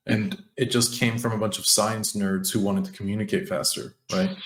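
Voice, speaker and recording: A low-pitched man chats eagerly as a podcast co-host, piling up "like"s as he thinks aloud. His voice carries a noticeable room echo. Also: little pitch movement, normal speed, fairly bright tone. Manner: enthusiastic, talks through ideas with fillers. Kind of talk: casual podcast chat. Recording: roomy echo.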